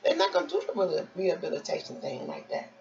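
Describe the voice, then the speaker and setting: A woman doing a calm male doctor, pitched well below her usual voice and spoken quietly. He explains things in a soft, steady way with a gravelly edge. The recording sounds dull and lo-fi, with faint noise behind. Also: quick pace, exaggerated voice. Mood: reassuring.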